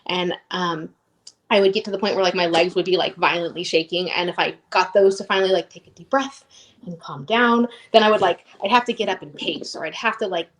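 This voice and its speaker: Chatty woman, lower-pitched, full of "like"s. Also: fairly quick. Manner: rambling, peppered with "like", emotionally open. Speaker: interview guest. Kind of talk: casual personal story.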